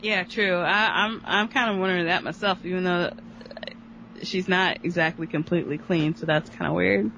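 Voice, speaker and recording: A laid-back podcast co-host in casual chat about a TV episode, with a voice of middling pitch. The talk is relaxed, mostly agreeing and tossing in remarks. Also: moderate pace, gravelly, slight background noise, low-quality recording.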